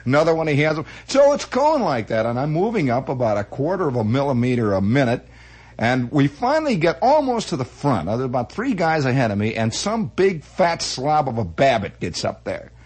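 A man telling comic stories in a rambling, animated way, full of restarts and acted-out voices. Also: mid-range voice, normal speed, husky. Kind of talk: comic storytelling monologue.

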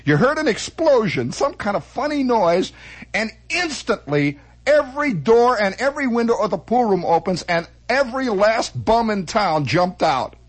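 A man telling a comic story from his childhood as a monologue, animated, acting out sound effects and voices with many restarts. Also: high-pitched, normal speed, breathy edge.

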